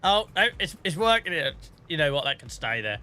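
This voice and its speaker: Bright-voiced man chatting while gaming. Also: on the high side, very animated, moderate pace, soft background music. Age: 30s. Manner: chatty, swears and laughs a lot while storytelling. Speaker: streamer. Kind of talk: casual gameplay chat.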